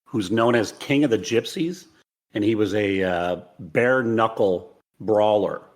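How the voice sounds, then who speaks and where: A man on a movie podcast sharing trivia in a relaxed, storytelling way. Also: fairly low pitch, measured pace. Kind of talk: casual movie-discussion chat.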